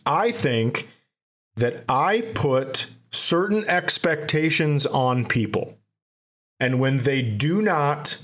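A man's voice: a little high, fairly bright tone. Profane joking man telling stories. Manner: profane, laughs through his own stories. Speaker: podcast co-host. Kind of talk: casual comedic storytelling.

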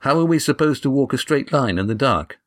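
A man's voice: medium pitch, animated, a little fast, a bit bright, no echo, studio quality, pitched above the performer's own voice. A man voicing a worried young companion in an audiobook, asking anxious questions.

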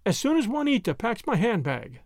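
A brisk, teasing young woman, as a man reading a storybook puts her on, her lines lifted high and swooping. The voice has a gravelly edge, and the recording is dry and close. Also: very animated, a little mellow, no echo.

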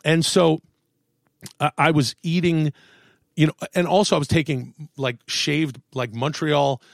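A man in a casual podcast chat, telling animated stories, swearing freely and acting out what people said. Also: on the high side, a little slow, creaky, no echo, clean studio sound. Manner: animated storyteller, swears, acts out quotes. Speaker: podcast guest, actor and comedian. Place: podcast studio.

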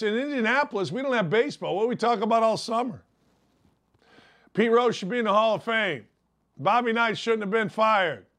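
A man's voice: sits high, fairly bright tone. An older man hosting a sports talk show, ranting in a brash, sarcastic, rambling way. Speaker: sports radio host. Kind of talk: opinionated sports talk monologue.

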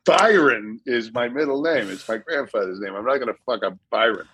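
A man's voice: mid-range voice, animated, fairly quick, fairly bright tone, slightly rough, rough recording. A middle-aged man from Massachusetts with a Boston accent, telling stories in a casual podcast chat. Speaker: guest actor.

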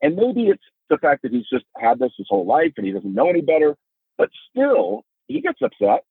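The pitch of this husky middle-aged man swoops wildly while he talks fairly quickly on a dry, echo-free, phone-like remote line. A podcast guest and father of a son with epilepsy, he narrates family life earnestly and emphatically, going higher when moved.

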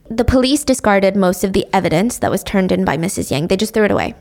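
A woman's voice: medium pitch, fast talker, hardly any pauses. A woman casually telling a true-crime story to a friend, with indignant, sarcastic asides.

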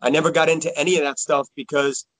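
Enthusiastic man, slightly high, dry sound. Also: flat delivery, fairly bright tone, no room sound. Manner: halting, repeats words, enthusiastic. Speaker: podcast guest, school worker. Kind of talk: casual chat.

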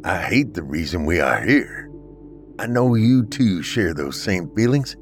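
A man voicing a grieving ex-military brother who speaks earnestly and then in crisp commands. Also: low-pitched, big pitch swings, unhurried, faint music behind, full character voice. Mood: tender grief.

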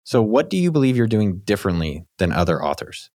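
Male podcast host and author, rapid chatty delivery with a lowish voice, dry close sound. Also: dry recording. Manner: quick, animated, self-deprecating. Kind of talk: casual conversation.

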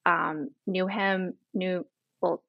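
A woman's voice: fairly low pitch, flat delivery, extremely slow, vocal fry, no room sound, highs cut off. A woman in her twenties from Canada, telling a personal story as an interview guest, chatty and full of quoted dialogue.

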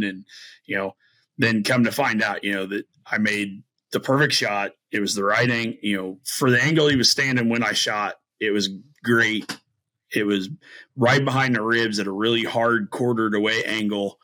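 Midwestern man, low forceful voice, rambling hunting tale; podcast guest, lots of ums and restarts, animated. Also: moderate pace. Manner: rambling, many fillers and restarts; animated, acts out quoted voices. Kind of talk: casual storytelling.

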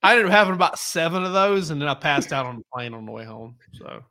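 Bright-voiced man telling rambling stories. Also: fairly high pitch, expressive, fast talker. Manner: rambling, self-correcting, laid-back storyteller. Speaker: sports reporter. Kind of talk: casual podcast storytelling.

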